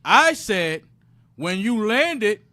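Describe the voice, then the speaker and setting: This is a man reading passages aloud in a Bible class, one short piece at a time. His voice is high and bright, and his delivery is slow and deliberate. The sound is dry and close. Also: very animated, no echo.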